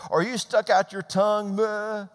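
Lively older preacher in a hall. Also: male voice, high voice, normal speed. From Georgia, US. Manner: animated, conversational preaching with repetitions. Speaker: pastor. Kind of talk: sermon. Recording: long hall reverb.

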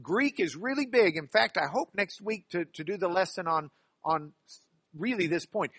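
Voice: medium pitch, lively intonation, normal speed, a bit bright, breathy edge, dry recording, clean studio sound. A Bible study teacher giving a class lesson, talking with the class and pressing hard on key words, repeating phrases for emphasis. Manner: conversational with the class, checks they follow along. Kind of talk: Bible class lesson explaining Greek word order.

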